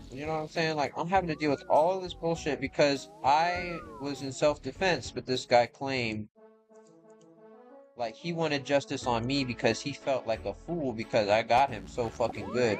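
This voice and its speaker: A man's voice: medium pitch, moderate pace, low-quality recording. A young man streaming a game, telling a long aggrieved story in casual, profane, rambling talk. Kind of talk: casual chat while gaming. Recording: game music playing underneath. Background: game music.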